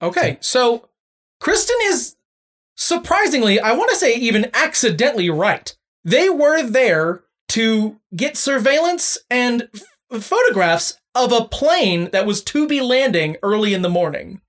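A woman hosts a casual podcast and runs a quiz for her guests. Her pitch moves a lot from line to line, and she talks with plenty of uh and um. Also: unhurried. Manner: quizzing guests, frequent fillers, lively pitch. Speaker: podcast host running a quiz.

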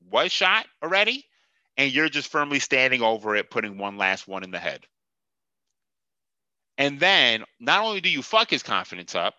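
A man's voice: mid-range voice, sharp tone, no room sound, highs cut off. Guy ranting on his sports pod, swears a lot, super sarcastic, very dry close sound. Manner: profane, sarcastic, mocking, laughs at himself. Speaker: podcast host. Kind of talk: heated sports podcast rant.

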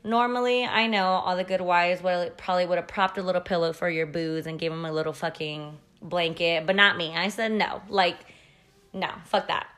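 A woman's voice: lowish voice, fairly even intonation, brisk, few pauses, a bit bright, clean tone. Blunt, profane woman gossiping on her podcast. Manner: blunt, profane and chatty, with frequent "like" fillers. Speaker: podcast host. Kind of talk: casual podcast storytelling. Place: at home.

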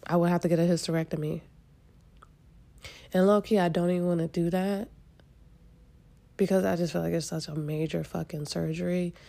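A woman hosting her own podcast pours out her frustration while close to tears. Her congested voice is dark and mellow with a steady gravelly fry. She talks in halting bursts full of swearing and restarts. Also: lowish voice. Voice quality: congested from sinus trouble. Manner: halting, profane and frustrated, with many restarts and trailing pauses. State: near tears. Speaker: podcast host. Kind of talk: emotional solo podcast venting.

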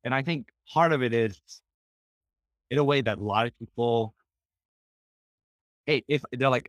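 A man talks sincerely as a podcast guest, often stopping and restarting his sentences. His voice is mid-pitched and recorded dry and close. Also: no echo. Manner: halting, many restarts and fillers, sincere. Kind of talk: conversational interview.

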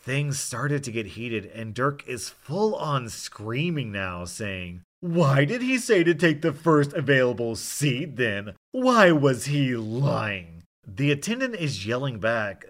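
A man narrates a forum story in a wry, storytelling way. His voice sits at an ordinary pitch for a man but moves a lot, rising and falling through the telling. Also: fairly bright tone. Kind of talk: reading a forum story aloud.

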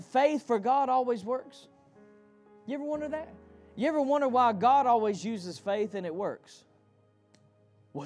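A man's voice: high voice, darkish tone. A man preaching a sermon to his congregation, calling for responses and repeating phrases in a rhythmic delivery. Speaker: pastor. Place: church.

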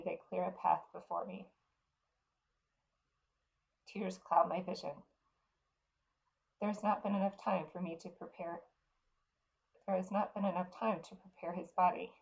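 A woman reading a fantasy novel aloud in the first person, in an earnest, unhurried way. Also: on the low side, gravelly, darkish tone, highs cut off. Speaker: reader.

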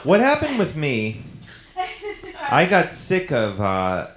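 Deadpan halting man in an echoey room. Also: fairly high pitch, background noise. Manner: halting, deadpan, many fillers. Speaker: improv guest in character. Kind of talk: comedic improvised storytelling.

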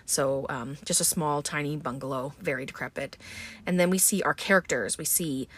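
A woman's voice: sits low, moderate pace, breathy edge. Chatty woman recapping a film. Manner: chatty, many fillers like um and like. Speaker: podcast host. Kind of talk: casual movie recap. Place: on a boat.

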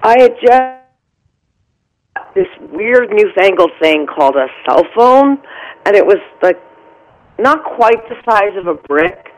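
A middle-aged woman who is an actress, being interviewed and telling an animated story about her early career. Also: medium pitch, slow, long pauses, muffled recording. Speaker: actress guest.

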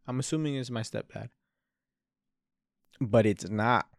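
A man's voice: on the low side, moderate pace, gravelly, pauses often, no echo, studio quality. Profane, rambling young man. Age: 20s. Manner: rambling and profane, with frequent "bro" and "dude". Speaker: podcast host. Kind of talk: casual storytelling.

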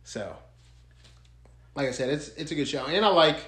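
A man's voice: a little high, expressive, a bit bright, reverberant. A man in casual chat, talking loosely with lots of "like" and free swearing. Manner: fast, loose talk full of "like", swears freely.

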